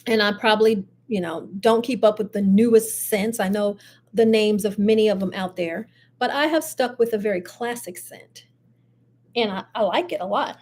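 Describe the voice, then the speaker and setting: An older woman hosting a casual live chat show, chatty and animated with frequent laughs. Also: medium pitch, normal speed. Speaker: host.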